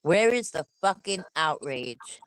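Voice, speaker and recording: A woman with a New York accent co-hosts a livestream, ranting angrily, swearing, and repeating rhetorical questions. Her voice is deep, clear, and resonant, with lively intonation and a slow pace, in a dry, low-quality recording.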